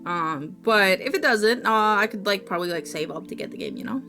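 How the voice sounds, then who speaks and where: A woman's voice: medium pitch, expressive, brisk, hardly any pauses. A woman streaming live, chatting casually and rambling while reading on-screen text aloud. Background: music playing.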